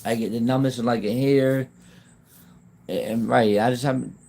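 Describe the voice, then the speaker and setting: A YouTube livestreamer chats casually to his viewers on his phone, rambling and halting, often trailing off mid-phrase and laughing a lot. His voice is at an ordinary male pitch, creaky and a little mellow, with a steady tone and moderate pace.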